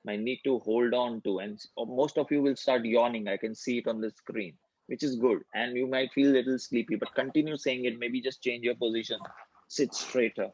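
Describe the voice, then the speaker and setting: A man leading an online group healing session, giving calm instructions and slowly repeating affirmations for the group to chant. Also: mid-range voice, no room sound, highs cut off. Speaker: workshop facilitator.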